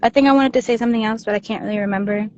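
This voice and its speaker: A woman's voice: fairly high pitch, fairly even intonation, very fast, darkish tone. A woman joins a livestream over a call. Her audio sounds dull and lo-fi, with faint noise under it. She rambles casually and fills her talk with "like.". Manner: rambling, heavy use of "like". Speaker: guest caller on a livestream. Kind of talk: casual chat.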